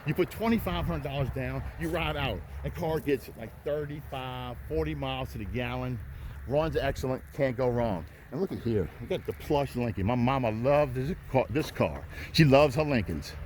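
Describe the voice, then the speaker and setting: A man's voice: mid-range voice, expressive, normal speed, darkish tone. A man selling used cars on an outdoor lot, talking folksy and hyping his deals to viewers as he walks from car to car. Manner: folksy, hypes deals, repeats "riding out" and "folks". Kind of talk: walk-around car sales pitch. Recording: faint outdoor noise.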